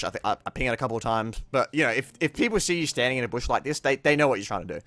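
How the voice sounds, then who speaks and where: A man's voice: medium pitch, rapid-fire, dry recording. Laid-back swearing young gamer guy. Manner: laid-back, swears freely, bursts into excited outbursts. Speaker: gameplay commentator. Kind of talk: casual gameplay commentary over footage.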